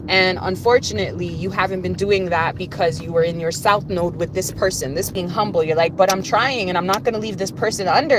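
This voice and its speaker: A woman's voice: mid-range voice, noisy background. A woman giving a conversational, rambling spiritual message, often repeating phrases for emphasis. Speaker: spiritual reader. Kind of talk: spiritual reading monologue.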